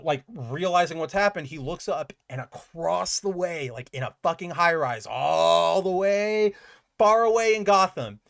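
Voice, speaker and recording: A man hosting a comic book podcast, recapping an issue in casual, animated chat, filling his talk with "like" and swearing freely. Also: a little high.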